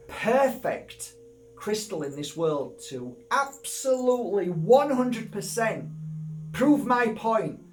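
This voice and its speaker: Man, crystal healer, rather high voice, eager rambling chat, faint background hiss. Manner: enthusiastic, rambling, repeats words. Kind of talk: casual unboxing talk with storytelling.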